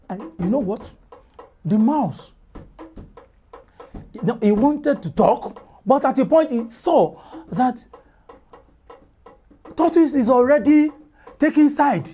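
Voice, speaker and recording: Slow-telling woman storyteller. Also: fairly high pitch, breathy edge. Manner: animated, chatty, with asides to listeners. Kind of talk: folk tale storytelling.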